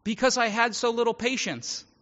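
A man's voice: very high voice, fairly even intonation, moderate pace, fairly bright tone. A man preaching a sermon in a church, talking conversationally and acting out the voices of the people in his stories. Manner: conversational, acts out quoted voices. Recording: echoey hall, dull audio.

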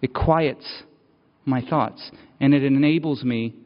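A man's voice: mid-range voice, slow pace. A man giving a sermon as personal storytelling, talking conversationally and repeating phrases as his intensity builds. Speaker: preacher. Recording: dull, reverberant hall sound.

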